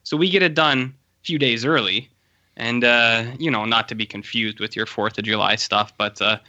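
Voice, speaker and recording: A man's voice: medium pitch, fairly even intonation, normal speed, bright, forceful tone, lo-fi sound. A Canadian man co-hosting a podcast, joking and rambling with lots of fillers. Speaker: podcast co-host. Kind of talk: casual chat.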